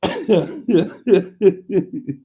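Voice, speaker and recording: Slow, mellow-voiced giggly man. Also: high voice, very animated. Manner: giggly, keeps breaking into laughter. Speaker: livestream host reading viewer chat. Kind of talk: casual live chat.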